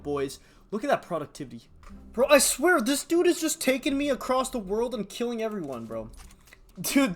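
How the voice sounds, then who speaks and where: A young man giving excitable commentary on a strategy game as a gaming YouTuber, laughing often and hyping up his audience. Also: high-pitched.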